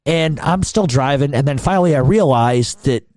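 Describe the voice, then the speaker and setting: A man's voice: a little high, lively intonation, moderate pace, a little mellow, no room sound, studio quality. A middle-aged man telling a long story in casual talk, cursing often and restarting his sentences. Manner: profane, rambling, many restarts. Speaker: podcast storyteller.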